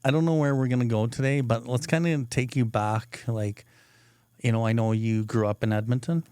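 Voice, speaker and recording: A man's voice: medium pitch, fairly even intonation, moderate pace, darkish tone, clean tone, dry recording. A man hosting a podcast, asking open interview questions and giving supportive "mm-hmm" backchannels. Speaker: podcast host.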